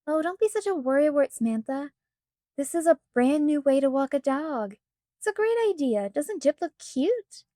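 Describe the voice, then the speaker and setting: A woman reading aloud, voicing an excitable ten-year-old girl who gets flustered and whines. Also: high-pitched, moderate pace, dry recording, studio quality, voice pushed up. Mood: coaxing. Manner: whiny, easily flustered.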